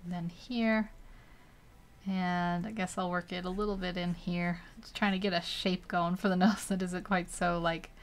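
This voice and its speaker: A woman's voice: fairly low pitch, little pitch movement, a little slow. Chatty woman narrating her painting. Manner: chatty, rambling, laughs often. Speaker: digital art streamer. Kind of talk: casual narration while painting.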